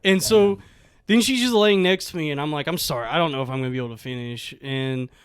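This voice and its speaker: A man's voice: fairly high pitch, fast, clear, resonant tone, no room sound, studio quality. A young man telling a comic story on a podcast, laughing often through his own account. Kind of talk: casual comedic storytelling.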